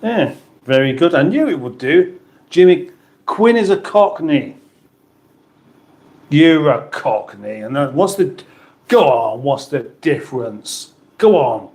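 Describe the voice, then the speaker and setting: A man's voice: mid-range voice, darkish tone. A middle-aged man from the UK hosting a casual livestream, chatting and rambling through viewer comments with restarts and banter. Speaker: livestream host. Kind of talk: casual live chat reading viewer comments.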